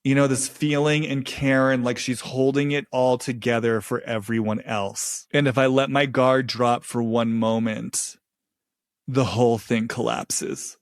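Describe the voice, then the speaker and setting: A man hosting his own podcast, talking alone in a reflective, halting way and repeating phrases as he searches for words. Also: mid-range voice, little pitch movement. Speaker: podcast host. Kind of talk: reflective solo monologue.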